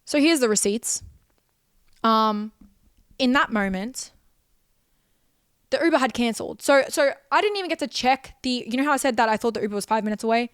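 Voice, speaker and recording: A woman's voice: on the high side, animated, normal speed, pauses often, clean tone, no echo, clean studio sound. A young woman, hosting a podcast and telling a personal story in an emotional, rambling way full of repeated phrases. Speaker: podcast host.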